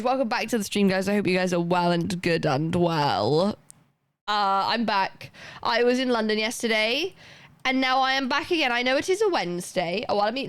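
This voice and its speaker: A woman's voice: mid-range voice, clear, resonant tone. A young woman livestreaming, chatting casually and rambling as she reads chat aloud and thanks viewers.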